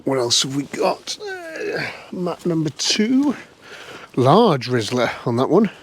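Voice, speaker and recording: A man's voice: fairly high pitch, wildly swooping pitch, takes it slowly, slightly rough. A man giving chatty, wry running commentary to camera as he looks over an old car in a cold scrapyard. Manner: chatty, wry, muttering to himself. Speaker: vlog host.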